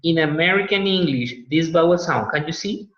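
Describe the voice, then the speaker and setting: A man's voice: a little high, normal speed, a bit bright. A man teaching an online class, explaining patiently and repeating words to model pronunciation. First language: Spanish. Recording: echoey, dull lo-fi audio.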